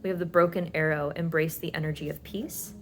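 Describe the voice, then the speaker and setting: A woman's voice: deep voice, steady tone, brisk, background noise. A woman giving a pick-a-card tarot reading, talking in a soothing, reassuring way with many fillers.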